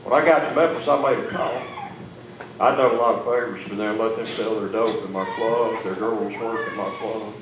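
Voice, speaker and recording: A man's voice: lowish voice, steady tone, normal speed. Guy telling his testimony, emotional folksy storytelling, sounds far off in a big echoey room with noise behind. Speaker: testimony speaker. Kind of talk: spoken testimony to an audience.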